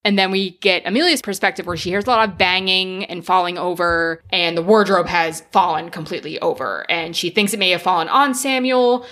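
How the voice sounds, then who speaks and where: Brief: woman podcast co-host, low pitch with a bright edge, chatty and filler-heavy. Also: a little fast, few pauses. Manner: chatty, lots of "like" fillers, acts out quotes. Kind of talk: casual film recap chat.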